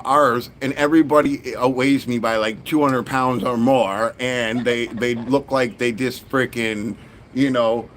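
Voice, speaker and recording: A man's voice: mid-range voice, a bit bright, slight background noise. Blunt, rambling man. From Canada. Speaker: Lego build streamer. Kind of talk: casual live-stream chat.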